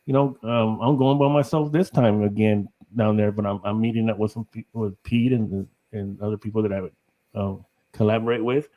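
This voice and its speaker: A man's voice: fairly low pitch, fairly even intonation, fairly quick, lo-fi sound. A middle-aged man from Texas, a guest on a podcast, chatting casually in a rambling way, laughing often and saying "you know" a lot. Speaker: guest, paranormal investigator.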